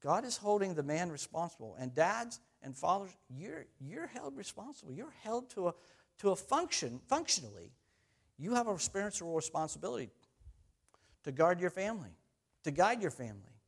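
A man's voice: high voice, very animated, moderate pace, creaky, breathy edge. A middle-aged man preaching a sermon as pastor, conversational and self-deprecating, often laughing at his own stories.

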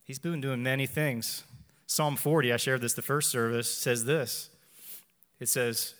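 A man in his forties gives an earnest personal faith testimony to a church, speaking in measured phrases and repeating lines for emphasis. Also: medium pitch, little pitch movement, fairly bright tone, in a large hall. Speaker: church member giving testimony.

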